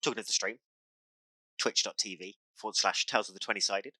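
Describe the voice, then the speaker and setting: A man's voice: lowish voice, fairly even intonation, brisk, pushed and bright, no echo, poor audio. A British man hosting a casual podcast as dungeon master, talking earnestly and restarting phrases as he gives advice.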